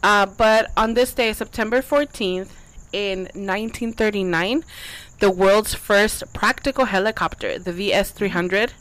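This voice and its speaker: A woman co-hosting a podcast in casual chat, giggly and animated as she leads a segment. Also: medium pitch, a little slow, low-quality recording. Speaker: podcast co-host. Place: backyard.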